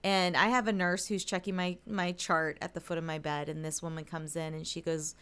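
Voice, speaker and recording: A middle-aged woman with a smooth, resonant voice that sits on the low side, chatting on a spiritual podcast. She tells personal stories in animated fashion and slips into the voices of the people in them. Her tone stays casual and conversational. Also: fairly quick. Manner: animated storyteller, acts out quotes. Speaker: podcast co-host, medium.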